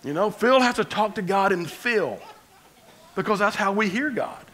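A man preaching a conversational sermon as pastor, swinging between loud emphasis and quiet asides. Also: high voice, lively intonation, moderate pace, some chatter behind, poor audio.

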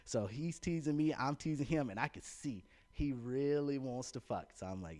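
A man's voice: medium pitch, animated, moderate pace, few pauses, a little mellow. Guy on a podcast, talks loose and candid, laughs a lot. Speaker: podcast co-host. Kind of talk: casual chat, storytelling.

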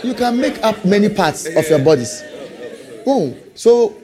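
A man's voice: sits high, expressive, a little fast, a crowd in the background. A man preaching a sermon, calling for amens and hammering out repeated questions. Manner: call-and-response, rising to emphatic repeated questions.

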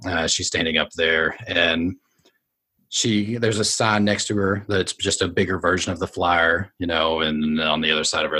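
A man's voice: sits low, pushed and bright. A man running a tabletop game as game master, narrating in a loose, conversational way with many fillers.

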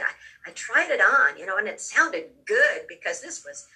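A woman telling a personal story in a halting way, often repeating words, with real emotion, her voice a little distant from the mic. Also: mid-range voice, big pitch swings, sharp tone. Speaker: storyteller recounting a near-death experience.

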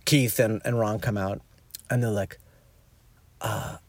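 A man, a touring musician, telling an anecdote in casual chat, animated and peppered with fillers. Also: slow, dry recording. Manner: animated, jumps into high excited voices when quoting himself; peppers speech with "like" and "you know". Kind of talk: casual storytelling.

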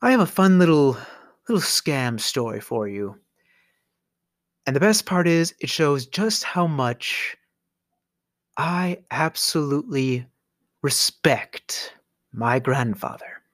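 A man's voice: mid-range voice, lively intonation, slow, pauses often, fairly bright tone, no echo. A man telling a comic story with dry, self-mocking asides.

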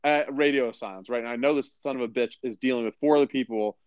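A man's voice: mid-range voice, quick pace, clean tone, dry recording, dull audio. Exasperated young man ranting. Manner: exasperated ranting, swears, retells with impressions. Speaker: podcast co-host. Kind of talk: casual chat.

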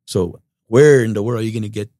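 A middle-aged man from Texas, telling stories in a relaxed, rambling way as an interview guest. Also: fairly low pitch, fast, no echo, studio quality. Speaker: guest musician. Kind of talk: casual storytelling interview.

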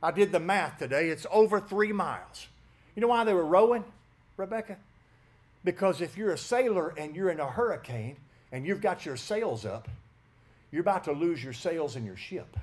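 A man preaching a sermon with fervor, swinging from shouts to hushed asides and calling out listeners by name. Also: sits high, expressive, moderate pace.

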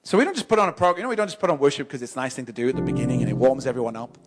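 A man preaching a sermon in church, emphatic and repetitive, stammering on restarts and swinging between loud exhortation and soft, slow moments. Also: medium pitch, lively intonation, music in the background. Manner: emphatic, repeats and builds phrases, stammers on restarts.

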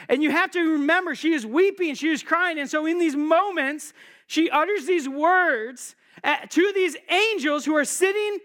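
A pastor with a very high, sharp-toned voice preaches a sermon conversationally. He poses rhetorical questions to his listeners and slips in jokes.

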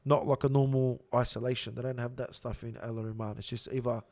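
A young Australian man telling a rough prison story in casual slang, swearing constantly. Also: medium pitch, a little fast. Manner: swears heavily, animated slang-filled storytelling.

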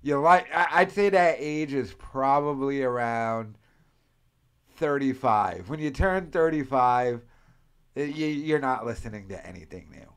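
Speaking a little slowly, this American man has a medium-pitched, expressive voice with a clean tone. Hosting a casual podcast, he rambles through crude, profane banter and slips into mock accents mid-story.

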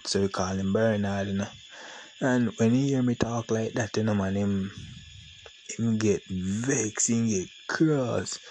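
A man's voice: lowish voice, measured pace, darkish tone, a little hiss or hum, rough recording. A man talking casually to the camera, rambling and boastful with a lot of slang. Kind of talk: casual monologue.

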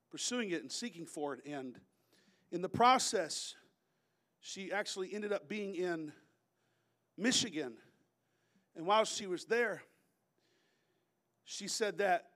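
A man in his thirties from Florida, preaching a sermon as animated storytelling that bursts into shouting. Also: sits high. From Florida, USA. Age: 30s.

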